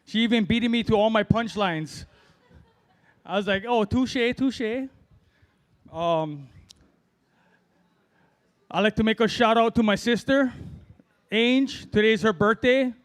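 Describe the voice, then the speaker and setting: A man's voice: sits high, unhurried, pauses often. A middle-aged man from Hawaii doing a loose, rambling open-mic stand-up set. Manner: rambling, self-deprecating, loose delivery with fillers. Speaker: amateur stand-up comic.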